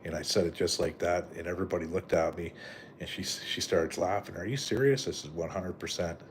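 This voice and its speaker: A man's voice: sits low, little pitch movement, fairly quick, slight background noise. A middle-aged man from Canada hosting a live stream, chatting in a rambling, profane way with lots of fillers and "right?" tags. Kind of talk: casual rambling live chat.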